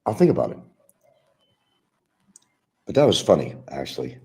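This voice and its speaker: A man with an extremely deep, gravelly voice rants through a stream monologue. He mocks and calls out absent rivals, and his pitch swings widely. The tone stays dark throughout. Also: huge pitch swings, moderate pace. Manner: combative, mocking, talks to absent rivals. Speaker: livestream host. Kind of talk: ranting monologue.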